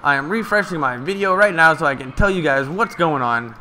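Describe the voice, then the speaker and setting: A man giving casual, excited live play-by-play of a ball game from a stream, chatting to his viewers. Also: a little high, a little fast, a little hiss or hum.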